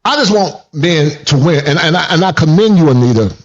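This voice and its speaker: A man, a therapist, in casual conversation, talking in an animated, emphatic way and often repeating himself. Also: on the high side, brisk, lo-fi sound. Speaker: therapist and host.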